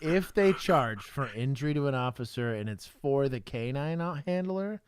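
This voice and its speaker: A man's voice: medium pitch, moderate pace, a little hiss or hum. A man co-hosting a casual show, reacting to police videos with profane jokes and frequent laughter. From Texas. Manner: animated, profane, laughs often. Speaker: podcast co-host, former police officer.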